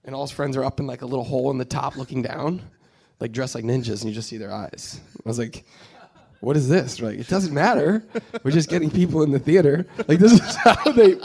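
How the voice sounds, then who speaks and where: A man who directed a film, telling animated stories in casual chat, swearing and laughing as he goes. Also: mid-range voice, a little fast, breathy edge. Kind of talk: casual storytelling.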